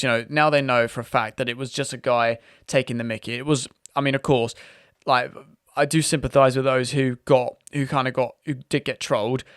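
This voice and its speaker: A man's voice: medium pitch, a bit bright, clear, resonant tone, no room sound, studio quality. A man hosting his own video, chatting casually and laughing as he reads out posts. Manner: amused, laughs often, chatty with many restarts. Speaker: vlog host. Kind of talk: casual commentary reading posts aloud.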